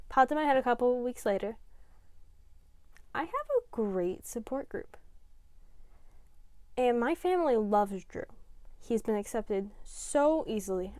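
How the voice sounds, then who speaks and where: A woman's voice: on the high side, dry recording. Emotional young woman, dry close sound. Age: young adult. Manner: emotional, rambling, many fillers. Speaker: vlogger. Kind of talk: casual vlog chat.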